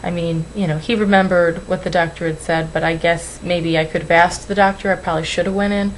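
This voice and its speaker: A young woman talks into her webcam at home, her voice a little low, rambling and apologizing as her nerves show. She sounds close to tears. A faint hiss sits under the webcam audio. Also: fairly even intonation, a little fast, rough recording. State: tearful. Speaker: weight-loss vlogger. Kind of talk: emotional webcam vlog.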